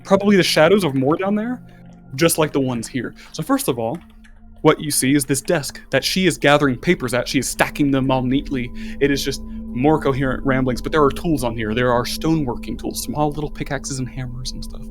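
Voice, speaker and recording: A man's voice: medium pitch, a little fast, faint music behind. A man running a tabletop game as game master, describing scenes in a rambling way.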